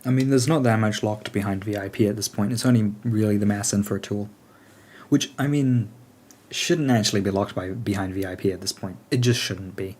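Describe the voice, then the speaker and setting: A man's voice: fairly low pitch, steady tone, fairly quick, a little mellow, slight background noise. A man leading a game alliance, chatting casually and thinking aloud with lots of fillers as he answers questions.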